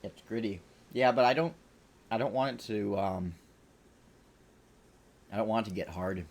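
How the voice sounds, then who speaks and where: A man with a lowish voice talks at a normal speed while streaming a game, with game music behind him. His let's play commentary is rambling, joking, and self-deprecating.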